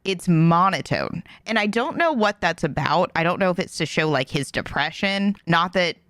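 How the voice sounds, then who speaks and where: A woman hosting a reaction video, giving animated, opinionated commentary that rises when she gets passionate. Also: lowish voice, moderate pace, no echo, clean studio sound.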